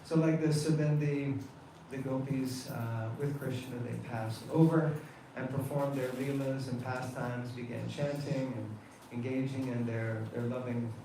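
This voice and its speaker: A man telling a devotional story to a temple gathering in an animated, laughing way. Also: medium pitch, unhurried. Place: temple hall. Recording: echoey hall, distant mic, faint noise.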